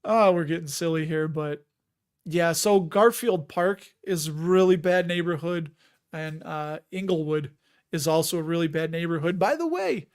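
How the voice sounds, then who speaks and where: A man's voice: on the high side, measured pace. A man with a Chicago accent hosting a casual live stream, rambling and chatty and often laughing as he reads out viewer comments.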